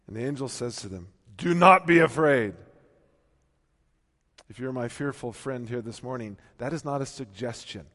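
A man's voice: medium pitch, a little fast, hardly any pauses. Impassioned preaching man in a reverberant hall. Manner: impassioned preaching, swinging from hushed to loud emphatic peaks. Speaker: pastor. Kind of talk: sermon. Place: church.

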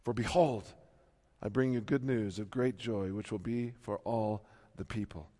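A male pastor preaching a sermon, swinging from hushed reading to loud emphatic peaks. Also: lowish voice, steady tone, unhurried. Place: church. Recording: long hall reverb.

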